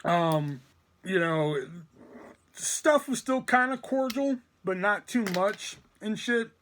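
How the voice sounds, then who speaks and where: A man's voice: high voice, animated, slow pace, fairly bright tone, slight background noise. A man telling a rambling, profanity-filled story about his old workplace in a casual vlog. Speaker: storytime vlogger.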